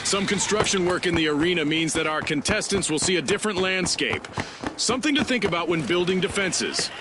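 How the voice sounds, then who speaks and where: A hyped arena announcer. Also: male voice, high-pitched, animated, a little fast, noisy background. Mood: excited hype. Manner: hyped, showy. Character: upbeat male arena show announcer. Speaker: tournament announcer. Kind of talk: game-show commentary. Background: loud game music.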